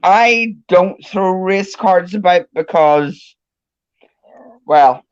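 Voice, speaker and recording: Speaking very slowly in a fairly low pitch, this co-host keeps a casual livestream chat going with frequent laughter, sighs and groans. She's on a video call mic, so the stream sound is dull and lo-fi.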